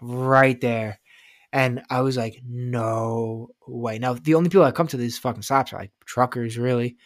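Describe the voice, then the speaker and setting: Male co-host, casual podcast chat, profane and animated, mid-pitched, dry close sound. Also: moderate pace, no echo. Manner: profane, animated, rambling, acts out quotes loudly.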